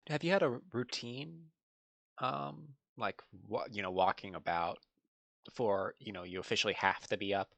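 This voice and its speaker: A game master narrating a tabletop game, asking halting, filler-heavy questions. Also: sits low, gravelly, fairly bright tone, dry recording.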